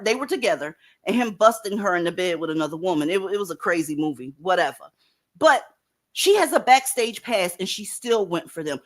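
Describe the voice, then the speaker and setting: A woman hosting a casual commentary show, blunt and profane, lecturing viewers directly. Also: mid-range voice. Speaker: commentary host.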